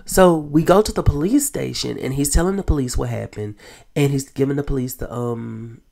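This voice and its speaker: A man hosting a casual podcast, recapping a TV episode in an animated storytelling way with quick whispered asides. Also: mid-range voice, creaky. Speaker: podcast host.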